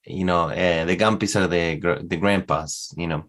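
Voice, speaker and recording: Guy w argentine spanish accent, really low voice, stumbles and repeats himself, casual podcast chat. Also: steady tone, a bit bright, smooth. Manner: halting, repeats words while searching. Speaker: podcast co-host.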